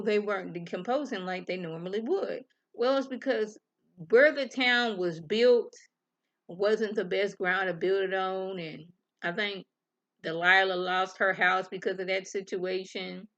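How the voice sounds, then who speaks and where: A woman's voice: medium pitch, measured pace, a bit bright, muffled recording. A woman with a Southern US accent casually recapping a TV episode in a chatty, slangy storytelling way. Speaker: TV review vlogger.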